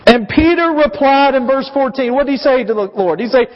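A pastor in his thirties preaches with a notably high, light voice, pressing his listeners with emphatic questions. The sound rings with long reverb through a church hall, and the recording itself is somewhat dull and muffled. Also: very animated, moderate pace. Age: 30s. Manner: emphatic, asks the congregation questions. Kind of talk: sermon.

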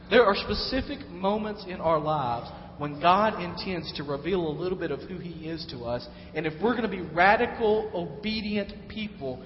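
High-voiced man preaching in an echoey hall. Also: slight background noise. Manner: conversational preaching, acts out quoted voices. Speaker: pastor. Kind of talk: sermon. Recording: echoey hall, dull lo-fi sound.

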